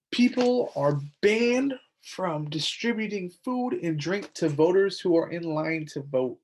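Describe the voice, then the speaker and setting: A man's voice: high-pitched, takes it slowly. A young man hosting a podcast alone, rambling and indignant, with lots of fillers and restarts, saying he is tired. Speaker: podcast host. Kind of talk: casual solo commentary.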